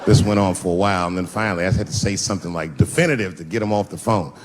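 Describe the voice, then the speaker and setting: A man's voice: low-pitched, racing, heavy background noise. A middle-aged man doing a stand-up routine on a theater stage, telling stories and acting out the other people in them. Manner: animated storytelling, acting out voices. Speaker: stand-up comedian. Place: theater stage before a laughing audience.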